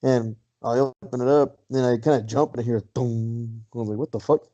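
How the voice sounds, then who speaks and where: Guy rambling through a story, lots of swearing and laughing, mellow dark tone, kinda dull lo-fi mic. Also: mid-range voice, fairly even intonation, fairly quick. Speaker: podcast co-host telling a story. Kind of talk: casual chat.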